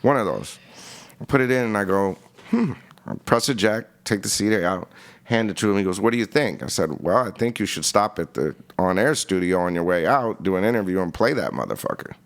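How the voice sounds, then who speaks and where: Man, ex-radio boss, low voice, blunt profane storyteller. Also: lively intonation, brisk. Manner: blunt, profane, acts out dialogue. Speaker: guest, former radio program director. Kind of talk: casual storytelling.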